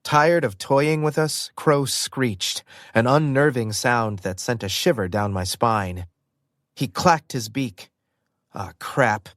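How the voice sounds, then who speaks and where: Guy reading an audiobook, expressive storyteller, mid pitch, dry studio mic. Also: slow pace, no room sound. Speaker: audiobook narrator. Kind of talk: first-person audiobook narration.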